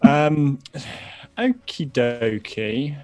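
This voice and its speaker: A man's voice: mid-range voice, sing-song, very slow, darkish tone. A man taking part as a tabletop game player, hesitant and counting out his moves aloud.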